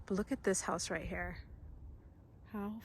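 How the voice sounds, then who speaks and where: A woman vlogging outdoors on a phone camera, chatty and excited, often laughing. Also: medium pitch, a little slow, gravelly, slight background noise. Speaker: travel vlogger. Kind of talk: casual vlog narration. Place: outdoors at a house and its grounds.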